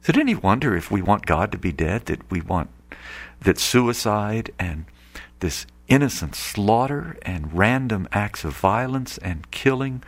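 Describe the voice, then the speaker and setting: A man's voice: on the low side, creaky. A man preaching an earnest Catholic radio sermon, rising now and then to emphatic outbursts.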